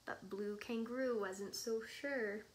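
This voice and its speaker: A young woman, a children's librarian, reading a bedtime story with gentle, chatty asides to children. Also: fairly high pitch, slow pace, low-quality recording.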